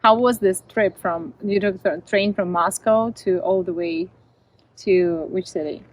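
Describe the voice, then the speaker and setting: A woman's voice: medium pitch, measured pace, poor audio. A woman interviewing a guest, asking curious questions in a casual, friendly conversation. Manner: curious, asks questions with light laughter.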